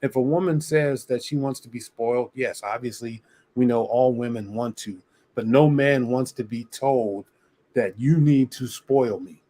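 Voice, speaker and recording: A man's voice: mid-range voice, a little slow, warm tone. A man on a dating-show review panel, arguing his point in casual talk with many restarts. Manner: argumentative, explains at length with many restarts. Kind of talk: casual debate on a video panel.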